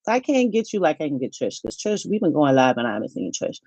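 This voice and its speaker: Chatty woman with a low voice. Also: fast talker, no echo. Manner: chatty, animated, laughs often. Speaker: HR YouTube channel host. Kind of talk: casual live-stream chat with viewers. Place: home.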